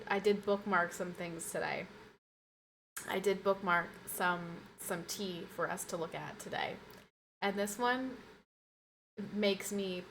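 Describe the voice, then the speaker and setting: A woman's voice: fairly low pitch, a bit bright, slight background noise. Chatty woman streamer with a stuffy nose. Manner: chatty and rambling, repeats phrases. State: stuffy nose, sniffly from a cold. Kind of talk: casual live-stream chat. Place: at home.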